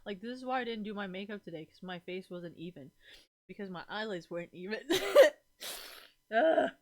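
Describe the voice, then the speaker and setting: A woman's voice: mid-range voice, fast talker. A young woman streamer chatting casually to her viewers in a rambling, emotional, profane way, full of fillers. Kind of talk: casual livestream chat.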